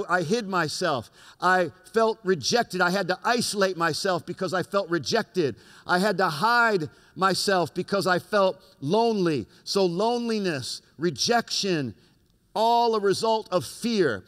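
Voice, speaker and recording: A pastor preaching in a high-pitched male voice, driving his points home through repetition. His words ring out with long reverb in a large church hall. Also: fairly bright tone. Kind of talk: sermon.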